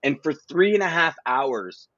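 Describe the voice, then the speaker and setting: A man, a guest in a casual podcast conversation, talking in an animated storytelling way with frequent restarts. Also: a little high, unhurried, no echo, lo-fi sound. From Canada. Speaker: guest, freight broker.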